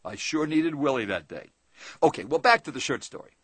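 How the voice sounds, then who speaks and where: Lively husky male sales trainer. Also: medium pitch, a little fast, no echo. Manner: conversational, addresses listener directly, asks tag questions. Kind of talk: motivational seminar storytelling.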